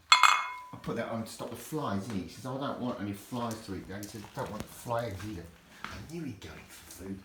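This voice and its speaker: A middle-aged man, chatting in a jokey, rambling way while he shows things around his home kitchen on a handheld camera. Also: mid-range voice. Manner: chatty, jokey, self-interrupting. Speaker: vlogger. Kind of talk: casual rambling home vlog. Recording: home video with background noise.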